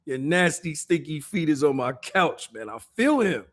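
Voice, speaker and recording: Brief: amused stream host, casual street talk, slightly higher voice. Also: male voice, big pitch swings, moderate pace, a bit bright. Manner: laid-back, amused, streetwise commentary. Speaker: livestream host. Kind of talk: casual commentary chat.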